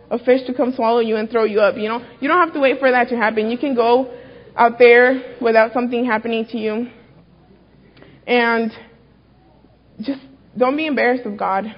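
A young woman gives an earnest, informal youth sermon in a slightly high voice. She talks casually, with frequent fillers and restarts. The recording sounds dull and lo-fi. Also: fairly quick. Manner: chatty and earnest, many "like"s and restarts. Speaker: youth speaker at church.

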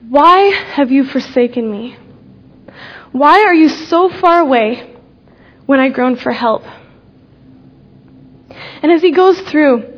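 Her voice high-pitched, a young woman offers a sincere personal faith testimony, taking it slowly, pausing with intent, and softening key words. The recording is muffled.

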